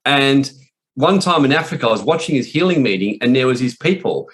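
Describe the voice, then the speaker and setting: A man gives a loose, informal teaching with blunt wording and frequent swearing. He rambles and restarts his sentences as he goes. His voice sits at an average pitch for a man. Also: expressive, brisk, a bit bright. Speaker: spiritual warfare teacher. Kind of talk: informal preaching talk.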